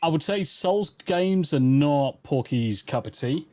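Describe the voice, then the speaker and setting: A man's voice: fairly high pitch, lively intonation, unhurried, a crowd in the background. Opinionated man hosting a chat. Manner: opinionated, swears freely. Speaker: podcast host. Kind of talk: casual gaming chat.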